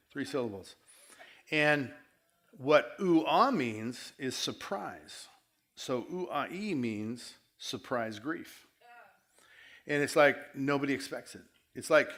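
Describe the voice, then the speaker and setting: A man preaching a conversational sermon, repeating himself, his loudness rising and dropping. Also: fairly high pitch. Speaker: pastor.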